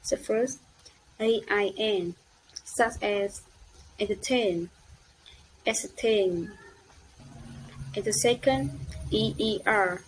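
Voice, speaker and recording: A woman student giving a class presentation, reading slowly and carefully and spelling out letters one by one. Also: medium pitch, slight background noise, low-quality recording.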